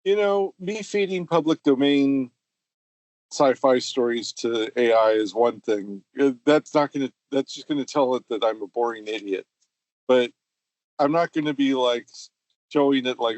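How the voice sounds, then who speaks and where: A man's voice: medium pitch, moderate pace, darkish tone. A man co-hosting a casual podcast chat, making wry joking asides. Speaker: podcast co-host.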